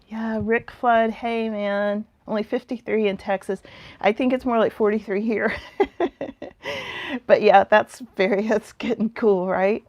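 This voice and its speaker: A woman's voice: mid-range voice, darkish tone, no echo. A woman hosting a live tarot stream outdoors in the mountains. She chats casually, laughs often and greets viewers by name.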